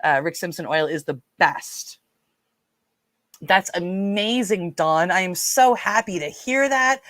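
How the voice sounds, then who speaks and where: Taking it slowly, a woman with a low-leaning, fairly bright voice and a Newfoundland accent hosts a casual livestream in a dry recording. She talks with her audience and reads their comments aloud, with frequent fillers.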